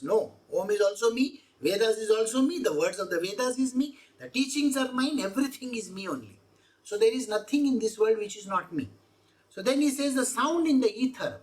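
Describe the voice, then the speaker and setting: Lady explaining a holy text, very up and down voice, keeps going "no?". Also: mid-range voice. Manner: explanatory, repeats points with rhetorical questions. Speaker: spiritual teacher. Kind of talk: scripture exposition talk.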